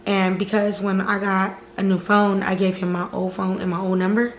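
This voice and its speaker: A woman's voice: medium pitch, moderate pace, slight background noise. Female storytime vlogger, casual and profane, mid-range voice, reverberant room. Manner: animated, profane, keeps addressing viewers as "y'all". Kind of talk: casual storytime chat to viewers. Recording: roomy echo.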